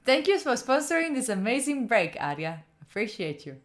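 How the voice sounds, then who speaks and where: A woman's voice: on the high side, sing-song, normal speed. A woman from Italy hosting a study live stream, chatting playfully with her viewers, laughing and swearing often. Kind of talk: casual live-stream chat.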